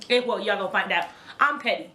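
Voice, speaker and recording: A young vlogger tells her viewers a personal story to camera in a raw, casual, conversational way, repeating herself often. Her medium-pitched voice is brisk and sharp, with a roomy sound.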